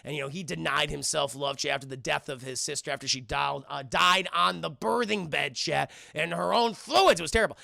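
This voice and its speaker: A man giving a casual, profane, excitable scene-by-scene film recap, constantly talking to his live chat. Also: on the high side, brisk, creaky, hardly any pauses, no echo. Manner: profane, excitable retelling that keeps addressing the chat. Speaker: film reviewer streaming to chat.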